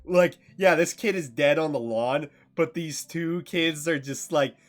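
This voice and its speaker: A man streaming, recapping a game in loose casual chat, swearing freely and halting with fillers. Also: a little high.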